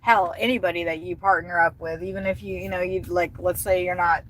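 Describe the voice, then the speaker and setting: A woman's voice: lowish voice, fairly even intonation, a little fast, low-quality recording. A middle-aged woman chatting casually to her live-stream viewers while she drives, rambling and laughing often. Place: inside a car on city roads. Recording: loud car and road noise.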